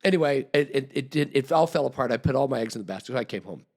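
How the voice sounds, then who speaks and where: A man's voice: mid-range voice, animated, racing. A man guest on a podcast, telling a long, rambling story with restarts and acted-out quotes. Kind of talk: casual storytelling.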